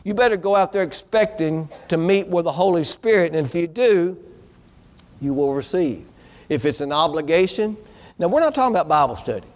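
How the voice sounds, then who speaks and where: A man delivers a sermon in a folksy, exhorting manner. His voice sits somewhat high for a man. He keeps putting questions to the congregation as their pastor. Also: expressive, a little fast.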